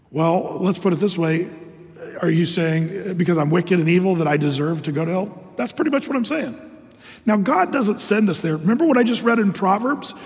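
An older man, acting as pastor, preaches a sermon, reading scripture and animatedly answering imagined objections. His voice is high-pitched, with a big-room sound.

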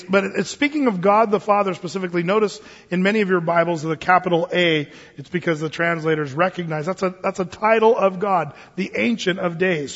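A man's voice: high-pitched, a bit bright. A man preaching a casual verse-by-verse Bible sermon, joking and digressing as he teaches. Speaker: pastor. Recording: dull sound with long reverb.

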